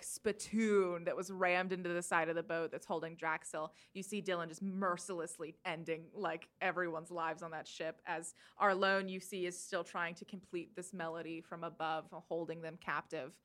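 Bright-voiced woman running a tabletop game. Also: on the low side, little pitch movement, moderate pace, few pauses. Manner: casual, laid-back narration with many fillers. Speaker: game master.

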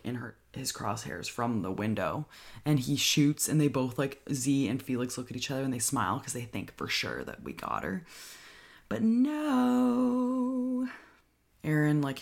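Casual horror movie recap, excitable, lots of fillers, vocal fry, mid pitch. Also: normal speed. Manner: excitable, heavy use of "like", swears.

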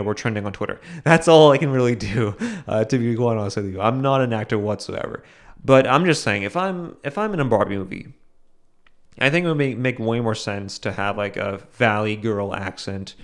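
A young man hosting a solo podcast, talking casually and rambling with frequent restarts and fillers. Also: on the low side. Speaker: podcast host.

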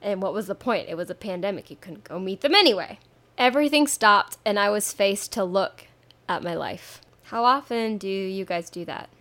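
A woman in her twenties talks through a casual solo podcast in a middle-pitched voice. She is candid and playful, and she sometimes stands in for her swear words with a cheeky spoken "bleep". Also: a bit bright. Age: 20s. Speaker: podcast host.

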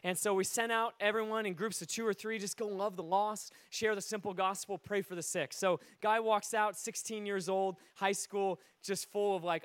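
Male preacher, high voice, animated storyteller with shouted peaks, dry close mic. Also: fairly quick, few pauses, clean tone, no room sound. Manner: animated, swings between hushed and shouting. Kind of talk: sermon storytelling.

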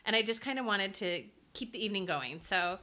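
Bright-voiced woman telling a story. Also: medium pitch, fairly quick. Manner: animated storytelling, laughs often. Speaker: podcast co-host. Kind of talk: casual chat.

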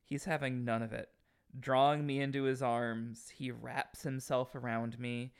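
A man's voice: mid-range voice, flat delivery, a little slow, clear, resonant tone. A man co-hosting a comedy podcast, reading a romance novel aloud with theatrical, mock-serious delivery and joking between passages. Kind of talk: comic dramatic reading and banter.

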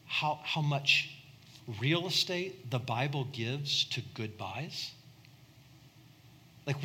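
Bright-voiced man preaching. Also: medium pitch, slight background noise. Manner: conversational, repeats words, rises to impassioned peaks. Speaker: pastor. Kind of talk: sermon.

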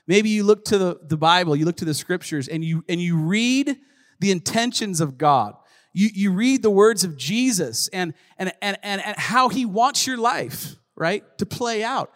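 Animated storytelling man, reverberant room. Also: high-pitched, normal speed. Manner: animated, rambling, many fillers. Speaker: co-host of a faith talk show. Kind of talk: casual storytelling with a spiritual lesson. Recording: long hall reverb.

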